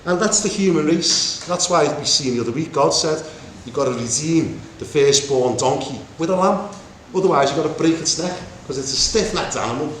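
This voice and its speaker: Man, preacher, high voice, animated Bible teaching, echoey room, faint background hum. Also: brisk, few pauses. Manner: animated, acts out voices of God and Moses. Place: meeting room with congregation.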